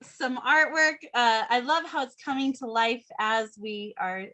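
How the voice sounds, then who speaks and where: A woman's voice: fairly high pitch, a little slow, bright, forceful tone. Upbeat woman hosting an online event. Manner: upbeat, encouraging, casual. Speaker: event host.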